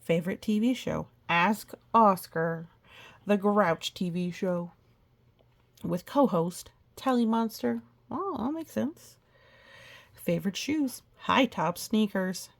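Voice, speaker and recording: A woman's voice: medium pitch, slow pace, creaky. A woman reading a children's picture book aloud, adding chatty, playful asides. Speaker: storybook reader.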